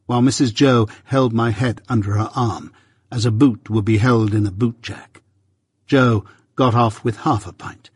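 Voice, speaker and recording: A man giving a measured scripted narration of a classic novel as an audiobook reader. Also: mid-range voice, slightly rough, no room sound, studio quality.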